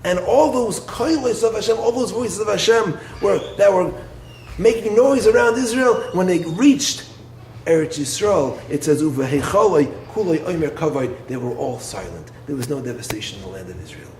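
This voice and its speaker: A man with a fairly high voice delivers a Torah lecture as a rabbi. He asks rhetorical questions and swings his delivery between low, hushed lines and lifted, emphatic ones. The sound is roomy and echoey, with a faint hiss of background noise. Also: moderate pace. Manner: expressive, rhetorical questions, dips low then rises. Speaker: rabbi and yeshiva head.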